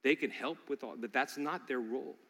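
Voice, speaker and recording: A man preaching a sermon, emphatic and swinging from loud declarations to hushed appeals. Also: mid-range voice, a little fast, in a large hall.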